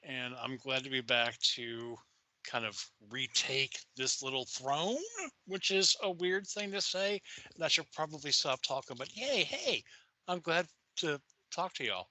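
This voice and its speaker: An older man with a Southern US accent co-hosts a podcast, chatting enthusiastically, rambling, and swearing casually. His medium-pitched voice is unhurried with a sharp tone, and the audio quality is poor.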